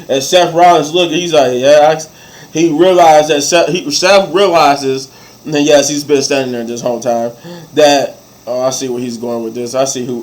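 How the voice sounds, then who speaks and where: A man's voice: a little high, rough recording. A man casually recapping a wrestling show, acting out quoted lines as he goes.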